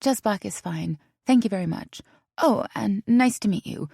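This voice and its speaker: A woman's voice: mid-range voice, expressive, moderate pace, creaky, dark tone, breathy edge, no echo, clean studio sound, pitched above the performer's own voice. A woman voicing a flustered, eager young woman in her thirties who stammers and sounds breathless. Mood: shy. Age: 30s.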